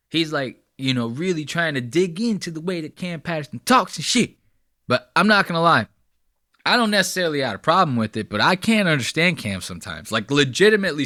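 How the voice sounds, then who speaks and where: A man talks over comedy clips in a loose, blunt way, swearing freely as he explains things. His voice is bright and forward, and it sits dry and close to the mic. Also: a little high, expressive, fairly quick, dry recording. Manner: profane, blunt, chatty. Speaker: commentator reacting to clips. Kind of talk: casual commentary.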